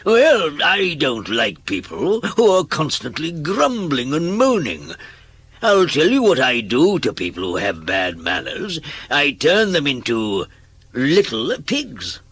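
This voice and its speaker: A man's voice: on the high side, huge pitch swings, slow pace, fairly bright tone, slightly rough, pitched above the performer's own voice, heavily acted. A man reading a storybook aloud and voicing a stern male wizard who lectures a grumbler and drags out his threats.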